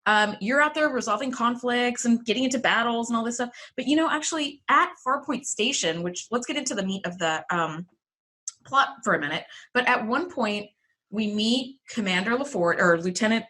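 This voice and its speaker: A young adult woman co-hosting a podcast in animated casual chat, laughing often and saying "like" a lot. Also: a little high, moderate pace. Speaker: podcast co-host.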